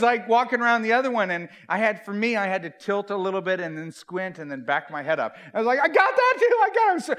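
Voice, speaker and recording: A middle-aged man, a pastor, giving a humorous talk to youth leaders at a conference, telling stories and acting out the voices in them. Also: sits high. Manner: animated storyteller, acts out quoted voices, self-mocking. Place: large conference hall.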